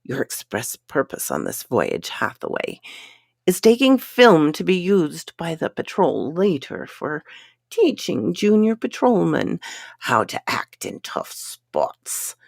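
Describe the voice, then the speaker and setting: A woman's voice: deep voice, wildly swooping pitch, takes it slowly, gravelly, dry recording, clean studio sound, heavily acted. A woman voicing a big, boastful spaceman with a folksy drawl, in a storybook reading. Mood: commanding. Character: big brash Irish spaceman, grown man.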